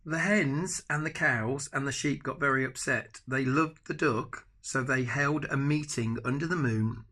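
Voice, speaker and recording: An older man, a grandfather, reading a picture book aloud to his grandchildren with animated asides. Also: mid-range voice, measured pace, hardly any pauses. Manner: animated, adds chatty asides to the children. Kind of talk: bedtime storybook reading.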